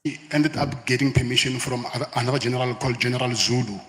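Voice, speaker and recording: A man answers questions as a witness, explaining things in a measured, matter-of-fact way. His middle-pitched voice trails into a long hall reverb. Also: steady tone, a bit bright. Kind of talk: formal testimony. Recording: hall reverb, played inside a reaction stream.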